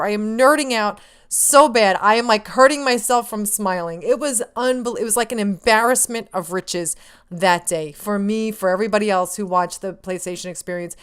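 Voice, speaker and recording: A woman vlogger telling a story in a casual, excitable, rambling way, full of fillers and acted-out lines of her own. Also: medium pitch, a little fast, smooth.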